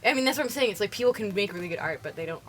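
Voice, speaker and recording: Young Canadian-accented woman, casual interviewee, rapid rambling delivery. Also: mid-range voice, animated. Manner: rambling, heavy use of "like". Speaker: musician interviewee.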